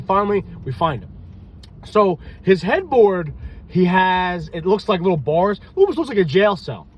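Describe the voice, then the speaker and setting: A man spins loose, rambling stories in a casual vlog, his voice sitting high for a man. He sounds tired and loopy and swears freely as he goes. Faint street noise hums behind him outdoors. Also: big pitch swings, moderate pace, low-quality recording. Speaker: reptile breeder and police officer telling stories.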